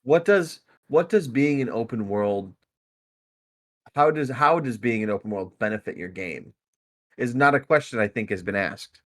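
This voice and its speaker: Lower-voiced man with teasing banter. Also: expressive, normal speed, fairly bright tone. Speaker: podcast co-host. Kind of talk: casual chat.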